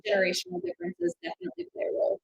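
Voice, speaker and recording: A woman co-hosting a casual chat, a lively storyteller who acts out quoted lines. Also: very high-pitched, very fast, gravelly, reverberant, dull audio. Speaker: co-host.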